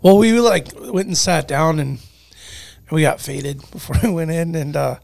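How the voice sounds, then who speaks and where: A man's voice: a little high, animated, moderate pace, creaky, a little mellow, dry recording, clean studio sound. A man chatting animatedly with friends, laughing a lot and sometimes dropping to a near whisper. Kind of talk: casual chat.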